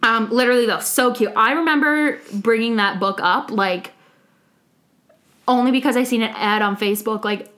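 A young woman co-hosts a podcast in a casual chat, her voice bright and a little high. She tells her story in an excitable, gushing way, acting out the lines people said. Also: normal speed. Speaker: podcast co-host.

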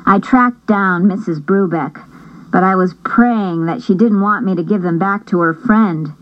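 A woman reading a first-person novel aloud as an audiobook narrator, in a measured storytelling manner. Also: medium pitch, muffled recording.

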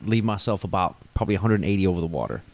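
A man co-hosting a podcast, telling stories in a casual, animated way and laughing often. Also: sits low, racing. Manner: animated, laughs while telling stories, says "dude" a lot. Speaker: podcast co-host. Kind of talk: casual storytelling chat.

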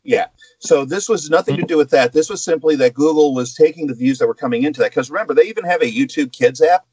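Man, podcast guest host, explanatory, dry muffled mic, mid pitch. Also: fast talker, a little mellow, slightly rough, no echo. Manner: explanatory, with asides and filler. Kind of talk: casual podcast chat.

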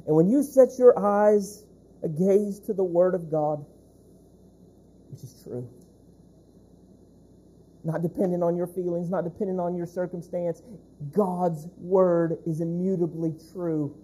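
A male pastor delivering a sermon in a deeply mellow, warm voice with a husky edge. He presses his points by repeating them, drawing the words out, and putting questions straight to the congregation. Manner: emphatic, repeats key phrases, slows down to stress points; speaks directly to the congregation with questions. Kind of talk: preaching a sermon.

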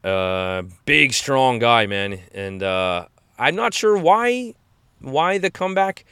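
A man's voice: mid-range voice, sing-song, takes it slowly, fairly bright tone, clean tone, no echo, clean studio sound. A man in his forties hosting a podcast, recapping fights in a rambling, enthusiastic way full of restarts. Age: 40s. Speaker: podcast host. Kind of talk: casual fight-recap chat.

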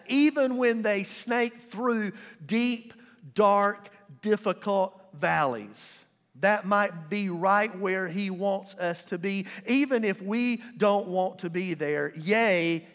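A man's voice: high voice, a bit bright, long reverb tail. A male pastor preaching a sermon, calling for responses from the congregation and drawing out words for emphasis. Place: church sanctuary.

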